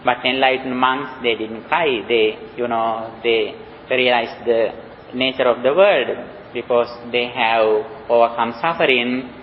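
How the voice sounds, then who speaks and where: A man with a Sri Lankan accent, a Buddhist monk, giving a dharma talk in a slow, halting way with many pauses and "you know" fillers. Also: mid-range voice, steady tone, slight background noise. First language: Sinhala. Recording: dull lo-fi recording in a reverberant hall.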